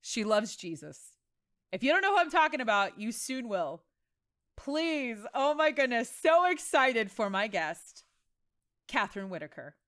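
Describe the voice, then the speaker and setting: A woman hosting a podcast, telling stories in a casual, animated and dramatic way and laughing often. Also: on the high side, measured pace, no room sound, clean studio sound. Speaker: podcast host. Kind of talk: casual storytelling chat.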